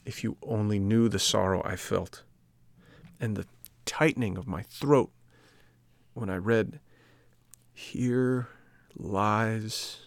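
A motherly fairy, kind yet stern, as a male narrator reads her lines, lecturing in a solemn, measured way at a slow, deliberate pace. The voice stays low, close and dry. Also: fairly even intonation, creaky, dry recording. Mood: tender. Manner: solemn, admonishing.

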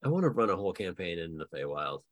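This low-voiced man, recorded without echo, is a podcast co-host and dungeon master. Chatting casually about creating game characters, he's animated, laughs often, and slips into brief bits of character dialogue.

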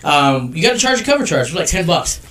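A man's voice: a little high, sing-song, fast talker, a bit bright. Brash storyteller, male, heavy cursing, casual podcast guest. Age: adult with children. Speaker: guest wrestling photographer.

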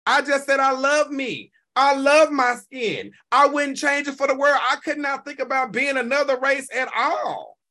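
A man, hosting a live stream and reacting to chat in an animated, profane, talk-back way. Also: very high voice, normal speed, few pauses. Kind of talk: casual live stream commentary.

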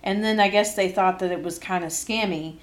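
A young adult woman hosting a casual podcast. She tells stories in a lively way and often laughs. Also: medium pitch, a little fast. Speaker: podcast host.

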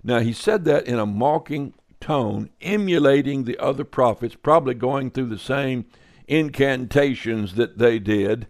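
A man's voice: medium pitch, measured pace. A man teaching a sermon in a conversational way, reading scripture aloud and adding wry, offhand comments. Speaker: Bible teacher.

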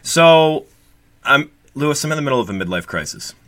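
A man's voice: on the high side, big pitch swings, fairly quick, fairly bright tone, dry recording. A man in his late thirties chatting casually on a podcast, candid and rambling, swearing freely, on a proper microphone. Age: 30s. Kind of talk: casual chat. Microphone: proper studio microphone.

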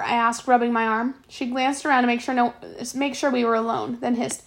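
A woman reading a novel aloud, narrating in a steady storytelling way with small restarts. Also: on the high side, brisk, hardly any pauses. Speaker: audiobook reader.

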